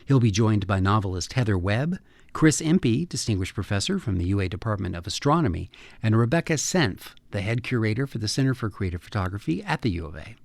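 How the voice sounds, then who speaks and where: A man, the host and producer of a radio arts program, reading scripted announcements in a measured, clear delivery. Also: lowish voice, very animated, no room sound.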